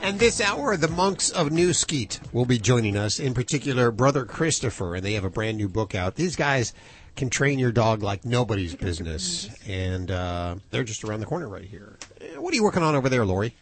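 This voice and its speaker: A man's voice: mid-range voice, sing-song, brisk. A man hosting a radio show, joking around and asking questions in a playful way. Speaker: radio host. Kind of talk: casual radio chat.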